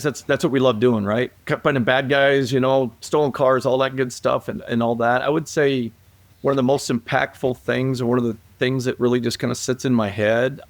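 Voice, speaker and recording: A man's voice: medium pitch, steady tone, normal speed, gravelly, no echo. A man who is a police aviation guest, telling stories in a rambling way with restarts and acted-out quotes. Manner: rambling, repeats and restarts, acts out quoted calls. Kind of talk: casual storytelling interview.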